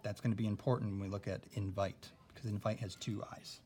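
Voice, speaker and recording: A man's voice: fairly low pitch, fairly even intonation, quick pace, noisy background. A young man teaching a recorded spelling lesson, patient and careful, often checking in with "okay?".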